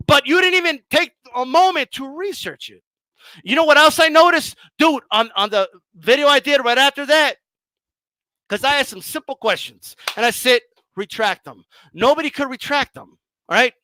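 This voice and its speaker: A man hosting a boxing channel, gloating and mocking his critics in a heated rant, swearing often and shouting at times. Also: very high voice, animated, moderate pace, no echo. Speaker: boxing commentator and channel host.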